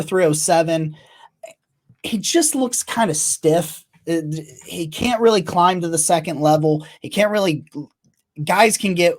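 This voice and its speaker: A man's voice: on the high side, a little mellow. A man hosting a casual sports chat over a video call, rambling with many restarts, his audio choppy from a bad connection. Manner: rambling, with frequent restarts and trailing off. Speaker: podcast host.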